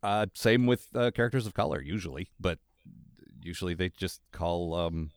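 A man's voice: deep voice, moderate pace, smooth, no echo, clean studio sound. A man co-hosting a podcast, talking casually and giving opinions freely. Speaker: podcast co-host. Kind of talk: casual chat.

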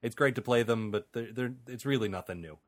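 A man's voice: medium pitch, fairly quick. A man hosting a casual comedy podcast, rambling with frequent fillers and laughs. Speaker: podcast host.

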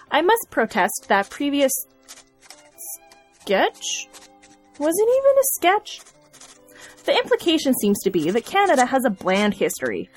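A woman reading a comic listener letter in a prim, passive-aggressive manner. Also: mid-range voice.

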